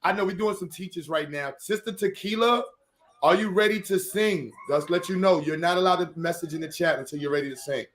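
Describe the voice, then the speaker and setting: Hyped high-voiced New man hosting. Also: brisk, echoey room, a little hiss or hum. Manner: energetic, hyped, slangy, calls out to people. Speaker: host of an online community meeting. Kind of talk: casual, excited hosting.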